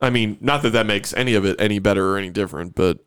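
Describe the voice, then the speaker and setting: A man's voice: fairly low pitch, very fast, fairly bright tone, clean tone. A man chatting casually with friends, swearing and poking fun at himself while steering the talk. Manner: self-mocking, swears, steers the topic. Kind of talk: casual banter among friends.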